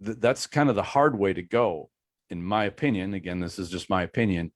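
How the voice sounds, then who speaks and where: Deep-voiced man coaching, measured and dry. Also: no echo. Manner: measured, hedges advice as his own opinion. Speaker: combat coach on a panel. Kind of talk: panel discussion advice.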